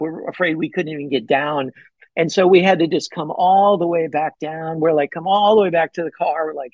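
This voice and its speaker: A man telling a hunting story as a podcast guest, excited and rambling, with many fillers and restarts. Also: no room sound, lo-fi sound. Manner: acts out his own past words with big pitch jumps. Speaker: podcast guest, bowhunter and pastor. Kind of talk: casual storytelling in an interview.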